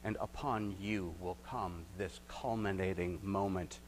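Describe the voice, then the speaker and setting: Male pastor, low voice, earnest sermon delivery with a faint background hum. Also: fairly even intonation, unhurried, poor audio. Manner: earnest preaching with rising emphasis and quiet reflective stretches.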